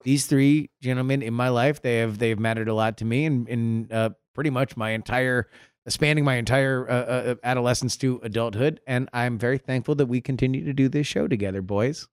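A man's voice: medium pitch, fairly even intonation, a little fast, clear, resonant tone, no echo, studio quality. A young man co-hosting a casual podcast, joking and laughing easily with his friends. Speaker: podcast co-host.

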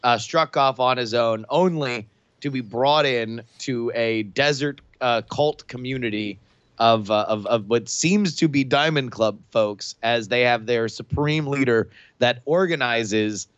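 Smooth-voiced man recapping the game. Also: medium pitch, fairly bright tone, no room sound, highs cut off. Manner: halting, many fillers. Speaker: player. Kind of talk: recapping the story.

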